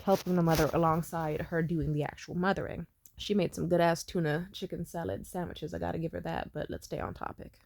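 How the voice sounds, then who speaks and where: A woman's voice: on the low side, a little mellow, no echo, studio quality. Blunt, profane young woman telling a story. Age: 20s. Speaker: vlogger. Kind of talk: casual storytime monologue.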